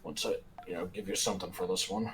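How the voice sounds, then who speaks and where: A man's voice: deep voice, steady tone, quick pace, a crowd in the background, low-quality recording. A man in casual game chat who talks hesitantly, with many fillers. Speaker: co-player.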